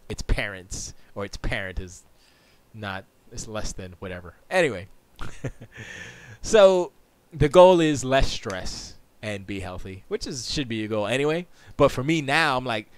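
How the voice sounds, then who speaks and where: A man's voice: on the low side, clear, resonant tone, no room sound. A man hosting a live stream from his home studio, chatting casually, rambling and interrupting himself, often laughing. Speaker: streamer and show host.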